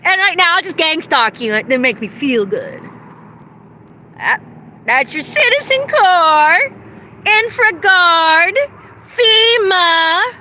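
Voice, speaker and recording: A woman's voice: high-pitched, expressive, measured pace, long pauses, pushed and bright, a little hiss or hum. A woman ranting angrily and profanely outdoors, delivering an accusatory vlog monologue. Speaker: vlogger.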